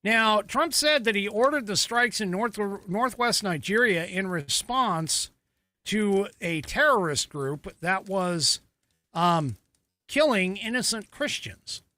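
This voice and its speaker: Lively, bright-voiced male commentary host. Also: high voice, takes it slowly, no echo. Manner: conversational, with frequent fillers and self-corrections. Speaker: podcast host. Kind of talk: casual political commentary.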